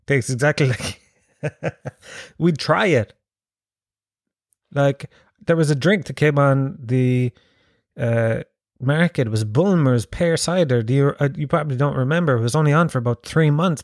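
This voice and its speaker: A man's voice: medium pitch, a little mellow, dry recording. Sweary Irish man in his thirties, dry sound. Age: 30s. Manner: rambling, sweary, self-mocking. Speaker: podcast host. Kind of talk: casual comic storytelling monologue.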